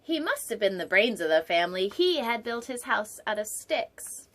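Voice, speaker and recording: A woman's voice: mid-range voice, big pitch swings, moderate pace, a bit bright. A woman hosting a storytime show, reading a picture book aloud and breaking off for playful, digressive jokes, sometimes dropping to a whisper for an aside. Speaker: storytime host.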